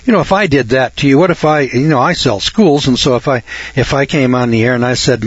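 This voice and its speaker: A man's voice: medium pitch, a little fast, husky, dry recording, muffled recording. A man hosting a radio talk show, ranting in a folksy, indignant way. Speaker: radio host.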